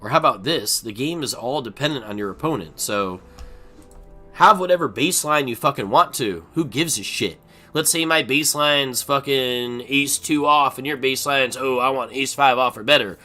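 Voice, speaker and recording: Profane ranting man, bright forceful voice. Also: medium pitch, normal speed, soft background music. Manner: profane, ranting, swings between mutters and shouting. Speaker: poker streamer. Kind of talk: unscripted rant while playing online poker.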